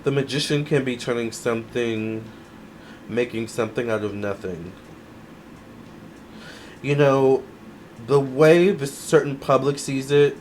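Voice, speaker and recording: A man doing a casual tarot reading to camera, musing aloud in an unhurried way with many fillers. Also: medium pitch, a little hiss or hum. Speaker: tarot reader.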